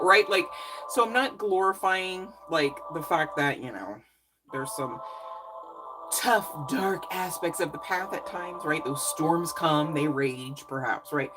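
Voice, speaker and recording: A woman's voice: sits low, lively intonation, slow, music in the background, rough recording. A woman giving a casual live psychic reading, effusive and encouraging, chatty with lots of fillers. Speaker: psychic reader.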